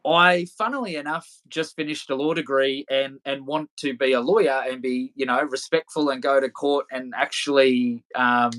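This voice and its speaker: A man's voice: mid-range voice, fairly even intonation, moderate pace, few pauses, fairly bright tone. Rambling, laughing man. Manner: loose, rambling, swears freely, laughs often. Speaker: podcast guest. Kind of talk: casual storytelling interview.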